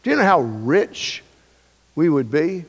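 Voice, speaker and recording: A man's voice: a little high, very animated, measured pace, slightly rough. A male pastor preaching a sermon, emphatic and repetitive, with joking asides. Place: church sanctuary. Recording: long reverb of a church hall.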